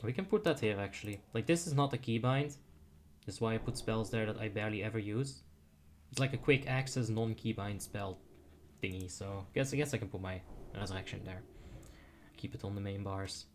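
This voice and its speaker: A man's voice: on the low side, fairly quick, slight background noise. A young man giving casual commentary while playing a game, chatty and self-deprecating, muttering asides to himself. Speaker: streamer.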